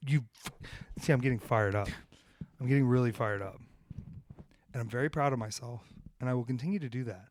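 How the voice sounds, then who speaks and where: A man who is a professional wrestler co-hosting a podcast, ranting with heavy swearing, then telling road stories, his loudness swinging between shouted emphasis and hushed asides. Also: mid-range voice, no echo, studio quality. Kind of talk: fired-up rant, then casual storytelling.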